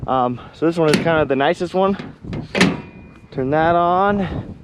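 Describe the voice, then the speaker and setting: A man's voice: fairly high pitch, a little slow, muffled recording. A farmer from Kansas casually talking viewers through his work outdoors, walking his field and a bit out of breath. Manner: relaxed, talks to viewers while walking a field. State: out of breath with hiccups. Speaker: farmer vlogger. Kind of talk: casual vlog narration while working. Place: outdoors on a windy farm field. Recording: wind noise on the mic.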